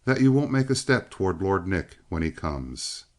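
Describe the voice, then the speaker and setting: Male reader doing a teasing young frontier woman, pitched up a bit, lively delivery. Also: normal speed. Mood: pleading.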